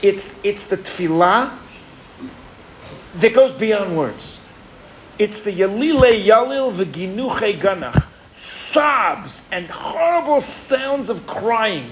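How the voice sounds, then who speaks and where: A man's voice: high voice, a little hiss or hum. A man from New York giving a sermon as a rabbi, telling stories and asking his audience "right?". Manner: storytelling, animated, engages the audience with "right?". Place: rooftop gathering.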